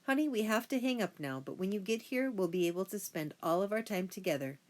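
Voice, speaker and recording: A woman reading an audiobook and voicing a loving, busy father who speaks in hurried reassurance. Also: medium pitch, animated, darkish tone, close to an everyday voice. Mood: affectionate.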